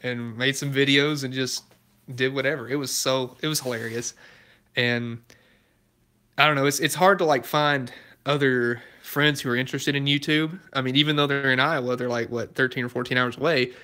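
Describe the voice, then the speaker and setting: Medium-pitched and steady at a moderate pace, this voice sounds pushed and bright. He's a young YouTube car channel host from Alabama, easygoing and quick to laugh while chatting through live viewer comments.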